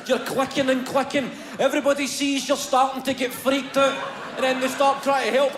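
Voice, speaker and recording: A Scottish man doing animated stand-up comedy, swearing freely and putting on the voices of family members. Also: very high-pitched, normal speed. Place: live comedy venue with audience. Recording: roomy live venue with crowd noise.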